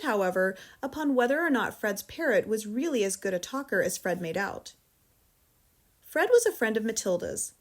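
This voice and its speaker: An American woman narrating a children's novel in a calm, measured storytelling voice. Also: a little high. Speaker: audiobook reader. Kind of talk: audiobook narration.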